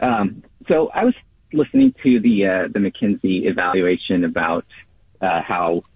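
A man's voice: low voice, slightly rough, no echo. A man calling in to a radio show, musing reflectively with filler words. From San Francisco Bay Area. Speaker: caller. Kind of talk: call-in radio comment. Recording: tinny dry phone line.

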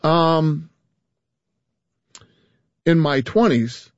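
A man's voice: fairly high pitch, drawn-out words, no echo, lo-fi sound. A man talking as an interview guest, emphatic, often restarting and repeating words. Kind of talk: casual interview talk.

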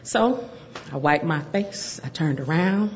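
A middle-aged woman telling a personal story to an audience, animated and laughing through it. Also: low-pitched, slow pace, lo-fi sound, a little hiss or hum.

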